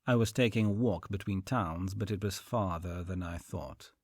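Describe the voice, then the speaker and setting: Man reading as a cautious out-of-place stranger, picks his words carefully, deep and husky. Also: normal speed, no room sound, studio quality. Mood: guarded. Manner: careful, hesitant. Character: careful wary male stranger from the future.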